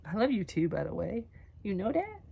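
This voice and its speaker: A young woman talking tenderly to herself on camera in a vlog, soft and often whispery, teary, her voice going hoarse. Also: medium pitch, wildly swooping pitch, a little fast, narrow, tinny audio. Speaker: vlogger. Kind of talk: emotional self-talk to camera.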